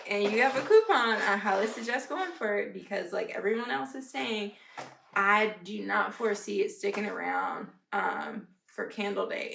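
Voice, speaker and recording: A woman, chatting casually as a vlogger, animated and laughing often. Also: mid-range voice, vocal fry. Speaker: candle haul vlogger. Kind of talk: casual chat. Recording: echoey room with faint noise.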